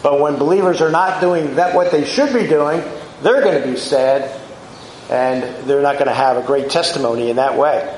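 A man's voice: fairly high pitch, normal speed, a little mellow, roomy sound, slight background noise, poor audio. A man preaching a sermon, teaching through Bible verses in a conversational, reflective way with rhetorical questions.

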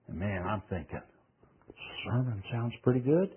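An older man preaching, telling a story from his youth in an animated voice that swings between loud and hushed. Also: on the low side, moderate pace, slightly rough. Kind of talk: sermon testimony. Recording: tinny phone-like sound.

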